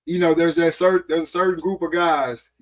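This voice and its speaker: A man's voice: a little high, steady tone, moderate pace, soft background music, poor audio. A man co-hosting a podcast in a casual sports chat, talking in a blunt, slangy, mocking way. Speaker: podcast co-host.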